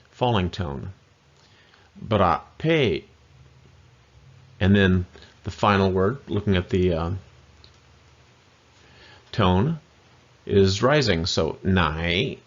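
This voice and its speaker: A man with a fairly low voice talks through a pronunciation lesson at a slow, unhurried pace. He is patient and says the syllables over several times. The audio is muffled and lo-fi. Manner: patient, repeats syllables slowly. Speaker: language teacher. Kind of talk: explaining pronunciation in a video lesson.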